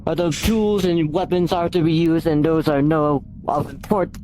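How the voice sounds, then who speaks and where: A man playing a humble young knight who is ashamed of his low status, speaking in a halting, earnest and apologetic way. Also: fairly even intonation, warm tone, soft background music, lightly acted. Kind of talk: tabletop role-play in character.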